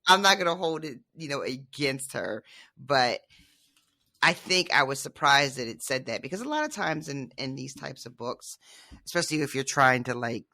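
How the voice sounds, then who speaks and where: A woman's voice: very deep voice, big pitch swings, moderate pace, pushed and bright, dry recording, studio quality. A woman co-hosting a podcast in casual book-discussion chat, emphatic and laughing often. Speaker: podcast co-host.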